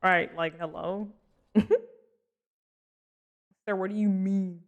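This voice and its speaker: A man's voice: high voice, steady tone, takes it slowly, muffled recording. A man streaming a role-playing game, rambling and joking while he chats with his viewers. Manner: rambling and joking, talks to chat. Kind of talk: casual gaming livestream commentary.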